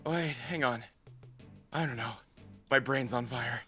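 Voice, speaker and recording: Frantic gamer guy, panting and cursing, bright swinging voice, light music under. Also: mid-range voice, unhurried. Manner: frantic, swearing, breathless excitement. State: out of breath. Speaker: player. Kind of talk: live-streamed tabletop game.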